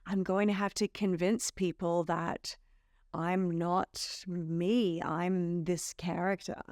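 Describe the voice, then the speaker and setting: Middle-aged Australian actress, smooth and clear, dry close sound, chatty storyteller. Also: female voice, fairly low pitch, flat delivery, takes it slowly, dry recording. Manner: warm storytelling with playful quoted asides. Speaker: actress being interviewed. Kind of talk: casual interview chat.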